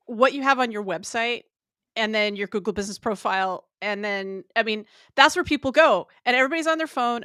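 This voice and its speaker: A woman's voice: a little high, fairly bright tone, no echo, studio quality. A woman co-hosting a casual business talk over a livestream call, telling rambling stories and laughing often. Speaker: podcast co-host. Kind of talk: casual chat. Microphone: remote livestream call.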